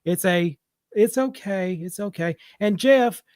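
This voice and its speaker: A man's voice: high-pitched, slow pace, darkish tone, clear, resonant tone, no room sound, studio quality. A man calling in to a show and ranting heatedly, swearing freely. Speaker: caller. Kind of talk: casual call-in rant.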